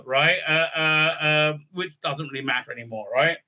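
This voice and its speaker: Sarcastic man with a sharp high voice. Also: steady tone, fairly quick, hardly any pauses. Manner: sarcastic, profane, rambling with many fillers. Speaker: online video reviewer. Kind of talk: casual recap and review rant.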